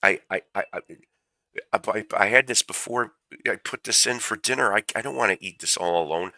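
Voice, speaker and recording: A man's voice: fairly low pitch, moderate pace, sharp tone, dry recording, clean studio sound, pitched above the performer's own voice. A man voicing a weeping housewife who stammers and pleads in a raised voice. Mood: pleading.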